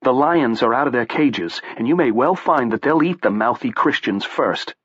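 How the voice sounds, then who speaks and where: A man's voice: medium pitch, expressive, normal speed, fairly bright tone, breathy edge, no room sound, muffled recording, voice pushed up. A man voicing a mild but bitter middle-aged man who speaks in a dry, sardonic way.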